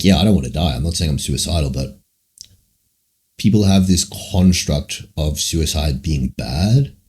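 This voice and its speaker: A man's voice: rumbling low, darkish tone, husky. A man streaming live and answering chat questions in a rambling, musing way, swearing often. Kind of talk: casual livestream Q&A.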